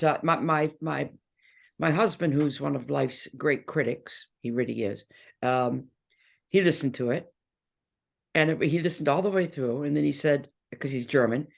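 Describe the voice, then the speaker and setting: Gravelly, animated older woman telling stories. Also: extremely low pitch. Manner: lively anecdote-telling, laughs often. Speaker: interview guest, musician. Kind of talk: casual interview chat.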